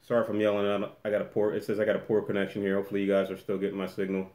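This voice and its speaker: A man's voice: on the low side, monotone, rapid-fire, darkish tone, echoey room. A man hosting a casual live-stream Q&A from a room at home, rambling and restarting often as he reads the chat aloud. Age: adult with a daughter.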